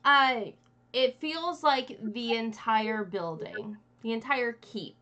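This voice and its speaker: Woman GM, bright, a little high, casual and halting. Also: muffled recording, a little hiss or hum. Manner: casual, halting, with fillers and restarts. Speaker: game master. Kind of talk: narrating a tabletop game.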